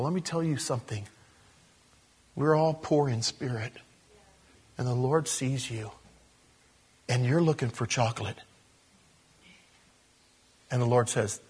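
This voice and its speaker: A man preaching a sermon, telling a story with animated, emotional delivery and ending in prayer. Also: mid-range voice, breathy edge. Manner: animated storytelling, whispers and laughs, prayerful close. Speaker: pastor.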